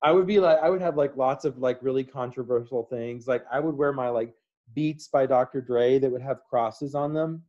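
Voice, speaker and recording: A man's voice: mid-range voice, moderate pace, darkish tone. Jokey man with a muffled voice. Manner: playful, jokey, slips into goofy impressions. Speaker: podcast co-host. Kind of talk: casual comedic chat.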